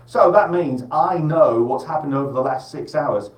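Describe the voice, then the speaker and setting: A man's voice: on the high side, normal speed, roomy sound, recorded from a distance, poor audio. A man hosting a live breakfast radio show, rambling and jokey in a casual, chatty way.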